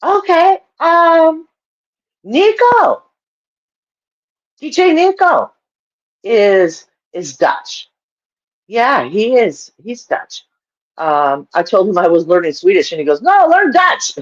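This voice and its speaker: A woman's voice: medium pitch, sing-song, takes it slowly, long pauses, dull audio. A woman hosting a livestream, chatting casually with her viewers, laughing often as she answers their comments. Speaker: livestream host.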